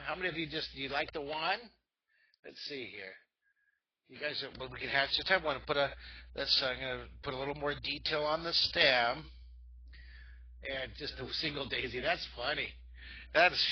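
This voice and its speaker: A man's voice: mid-range voice, breathy edge. A middle-aged man leading a drawing lesson for children, thinking aloud and cheering on his young viewers. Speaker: drawing teacher. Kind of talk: live drawing lesson for kids. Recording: dull lo-fi sound.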